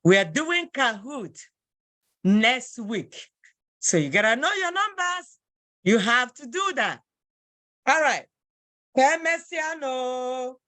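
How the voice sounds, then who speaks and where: Bright-voiced woman teaching an online class. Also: a little high, sing-song, takes it slowly, long pauses, no echo. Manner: patient, repeats phrases, encouraging. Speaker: language teacher. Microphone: video call.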